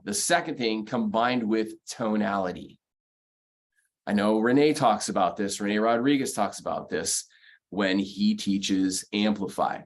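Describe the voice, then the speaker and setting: Motivational man drilling numbered sales points. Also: on the low side. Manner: emphatic, repeats key phrases, counts off numbered points. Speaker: mortgage sales coach. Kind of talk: motivational sales training talk.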